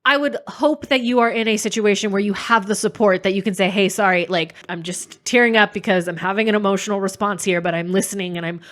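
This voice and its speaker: A woman's voice: mid-range voice, fairly even intonation, fast, few pauses, fairly bright tone. A woman co-hosting a podcast, speaking candidly and reflectively in casual chat. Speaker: podcast co-host.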